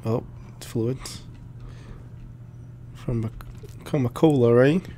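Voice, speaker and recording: A man commenting on his horror game play, yelling and screaming at scares and dropping to whispers in tense moments. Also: mid-range voice, slow pace, a little hiss or hum. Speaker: gameplay commentator.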